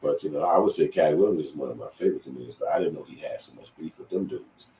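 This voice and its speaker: A middle-aged man with a very low voice tells a story in a loose, profane, rambling way, often starting a sentence over. He sounds roomy and a little distant from the mic, with faint ambience behind him. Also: quick pace, warm tone, a little hiss or hum. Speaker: commenter telling a personal story. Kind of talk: casual storytelling.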